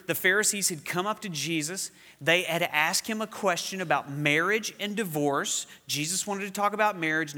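A man's voice: fairly high pitch, pushed and bright. A middle-aged male pastor preaching a sermon, telling stories and stretching out key words for emphasis. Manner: storytelling with emphatic, drawn-out stresses. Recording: echoey hall reverb.

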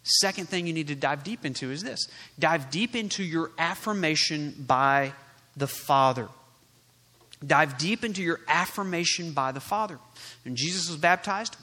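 A man preaching a sermon as pastor, emphatic and full of rhetorical questions, swinging between loud and quiet. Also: fairly high pitch, lively intonation, moderate pace. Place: church sanctuary. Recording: long hall reverb.

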